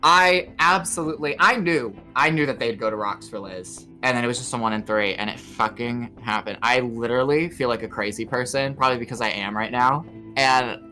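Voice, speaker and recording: Bright-voiced excitable man, swearing. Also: mid-range voice, fairly quick, soft background music. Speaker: contestant. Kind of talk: casual game chat.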